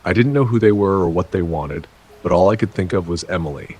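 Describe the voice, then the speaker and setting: Low-voiced man narrating horror stories. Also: animated, warm tone, breathy edge. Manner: measured, dramatic delivery with short halting phrases. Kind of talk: first-person horror story narration.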